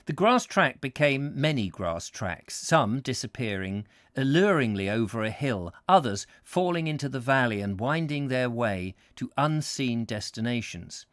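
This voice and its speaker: Guy doing a live book reading, lively up-and-down voice, dry close sound. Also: mid-range voice, a little slow, hardly any pauses, dry recording. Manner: expressive reading with casual asides. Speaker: host, book reader.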